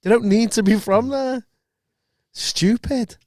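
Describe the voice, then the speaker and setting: A man's voice: very high-pitched, takes it slowly, darkish tone, no room sound. A man appearing as a guest on a podcast in a studio, chatting casually in a wry, lightly sweary manner. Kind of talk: casual chat.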